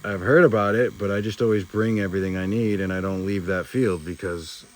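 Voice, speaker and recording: A man's voice: deep voice, fairly even intonation, a little fast, a little hiss or hum. A man casually telling a rambling personal story, swearing often and filling in with "like" and "you know".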